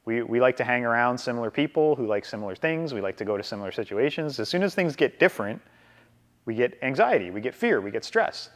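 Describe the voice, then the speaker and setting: A Canadian man leads a casual real estate training over a video call. He speaks at an everyday mid pitch, drops "right?" after nearly every point, and drags his pace down deliberately when he stresses staying calm. His voice carries a long, ringing hall reverb. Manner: conversational, keeps checking in with "right?"; slows down deliberately to model calm. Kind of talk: live training talk.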